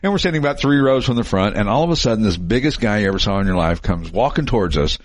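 A man in his late fifties tells stories on a podcast, his pitch swooping with animation as he acts out the people he quotes. The sound is dry and close to the mic. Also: lively intonation, fast, no room sound. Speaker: podcast co-host. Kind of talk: casual storytelling chat.

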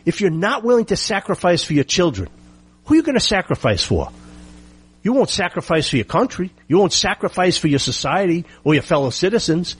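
A man's voice: high-pitched, big pitch swings, brisk, slightly rough. A middle-aged man from the United States delivering an indignant opinion monologue, full of rhetorical questions and emphatic repetition. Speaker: political commentator.

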